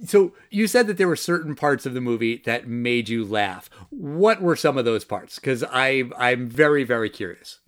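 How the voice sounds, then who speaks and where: A man from the US hosting a casual film review podcast, speaking in a measured way, explaining things and asking his co-host questions. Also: medium pitch, very animated, fairly bright tone.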